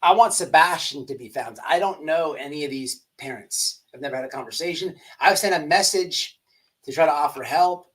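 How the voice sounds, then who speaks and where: A man's voice: a little high, normal speed, fairly bright tone, slightly rough. A man hosting a livestream commentary show, rambling and emphatic with many restarts. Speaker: host.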